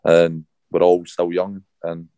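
A man's voice: deep voice, level tone, slow pace, dark tone, smooth, dry recording. A man answering interview questions as a footballer, hesitant with many fillers. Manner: hesitant, many fillers, keeps saying obviously. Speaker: guest footballer.

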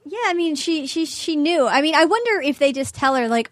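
High-voiced woman speculating hesitantly. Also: expressive, brisk, no room sound, studio quality. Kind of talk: casual reality-TV recap chat.

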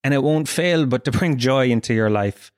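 A young Irishman hosts his own podcast, delivering a comic monologue of rambling, profane, jokey stories into a close mic. His medium-pitched voice has a darkish tone at normal speed, with no echo.

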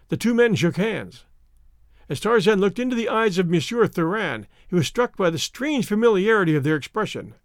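A man narrating an adventure novel in an expressive, theatrical reading. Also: high voice, normal speed, dry recording, clean studio sound. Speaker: audiobook narrator. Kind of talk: scripted narration.

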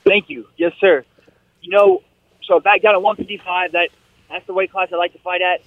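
A man in his twenties talking as a guest fighter by phone, relaxed and rambling with fillers. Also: high-pitched, fairly quick. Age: 20s. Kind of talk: casual phone interview. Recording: tinny phone line.

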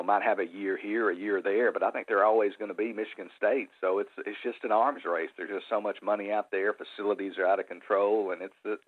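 A man calling in as a guest sports analyst, speaking steadily with frequent fillers over the phone. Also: on the low side. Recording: phone line.

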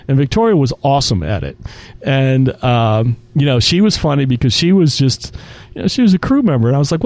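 Male guest, restaurant executive, warm low-key tone, lively storyteller who voices the people in his anecdotes. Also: brisk, dry recording. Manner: animated storyteller acting out quoted dialogue. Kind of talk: casual interview storytelling.

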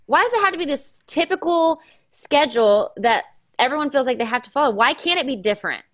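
Emphatic woman interviewer, higher voice. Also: lively intonation, fairly quick, a bit bright. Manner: emotional, emphatic. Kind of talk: casual interview conversation.

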